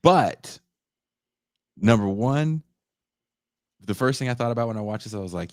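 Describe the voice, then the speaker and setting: In a medium-pitched voice at a moderate pace, with frequent pauses, a man co-hosting a podcast tells an animated story in casual chat, swearing freely and acting out quotes. The studio recording is clean, with no room sound.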